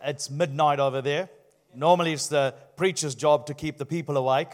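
A man's voice: on the high side, fairly even intonation, moderate pace. A man from New Zealand with a Sri Lankan Kiwi accent, a jovial guest preacher giving a sermon. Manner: jovial, playful with the crowd.

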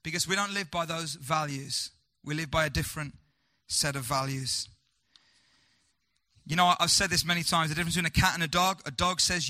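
A man preaching a sermon, asking the congregation rhetorical questions and swinging between loud, urgent lines and hushed, slow ones. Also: on the high side.

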